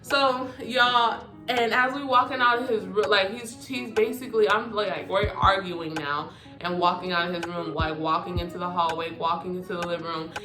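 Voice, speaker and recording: A woman telling a personal story to her viewers in a casual monologue, animated and full of cursing. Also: medium pitch, normal speed. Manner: animated, profane, talks straight to viewers. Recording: echoey room with music behind.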